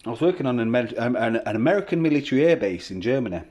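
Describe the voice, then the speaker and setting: A man vlogs from home among his kids, recounting a personal story rapid-fire, full of swearing, tangents and restarts. His medium-pitched voice is expressive and a little mellow.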